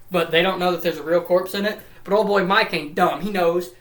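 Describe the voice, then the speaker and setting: A man's voice: high-pitched, steady tone, brisk, few pauses, echoey room. A man rattling through a comedic lore summary, rambling and profane, with repeats and silly put-on voices. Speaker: lore recap commentator.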